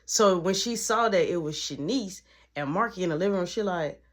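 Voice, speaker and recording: Woman, low and husky, lively storytime narrator who acts out the dialogue. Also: normal speed. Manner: animated, acts out every line of dialogue.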